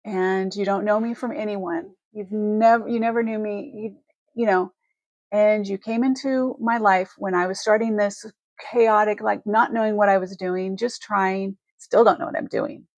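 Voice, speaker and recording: A woman hosts a live stream, talking straight to her viewers in a heartfelt, rambling way full of restarts. She sounds emotional and close to tears. Her voice is gravelly and mid-pitched, and the sound is dry and close. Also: normal speed, dry recording, muffled recording. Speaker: host of a live jewelry selling stream.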